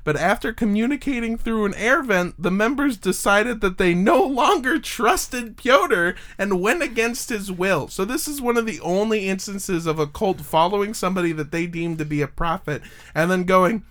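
A man with a fairly high voice tells a story to his co-hosts in a loose, profane way. He wanders into asides as he goes. The talk stays relaxed and chatty. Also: normal speed. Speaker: podcast host telling a true-crime story. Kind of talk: casual chat.

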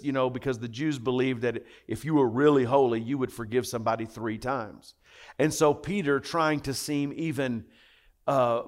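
Impassioned male preacher, fairly high voice. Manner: impassioned, emphatic preaching with repetitions. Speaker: pastor. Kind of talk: sermon.

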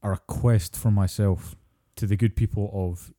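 A man's voice: lowish voice, fairly even intonation, normal speed, dark tone. A Scottish man co-hosting a podcast, chatting casually and ranting with plenty of swearing. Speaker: podcast co-host.

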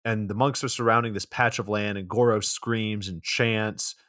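A man co-hosting a podcast, recapping a film plot in a casual, sardonic way with swearing and deadpan asides. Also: on the low side, moderate pace, no echo, clean studio sound. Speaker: podcast co-host.

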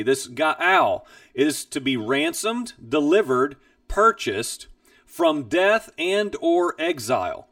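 Male Bible teacher, earnest and emphatic, gravelly high voice, dry distant sound. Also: big pitch swings, slow pace, fairly bright tone, dry recording. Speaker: Bible teacher and program host. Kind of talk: personal testimony teaching.

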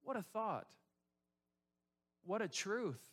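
A pastor delivers a sermon to his congregation in a fairly high male voice. He repeats key phrases for emphasis. His delivery swings between loud, rising appeals and soft, hushed passages. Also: big pitch swings, slow pace, husky.

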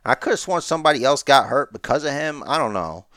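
A man's voice: mid-range voice, expressive, fast, fairly bright tone, no room sound, clean studio sound. A man co-hosting a podcast, chatting casually with lots of restarts and jokes. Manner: rambling, joking, many restarts. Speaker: podcast co-host. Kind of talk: casual wrestling chat.

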